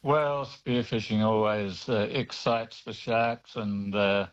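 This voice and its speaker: A man's voice: on the low side, takes it slowly, lo-fi sound. A man calling a radio show, chatting cheerfully and describing his surroundings. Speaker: caller. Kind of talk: casual radio phone chat.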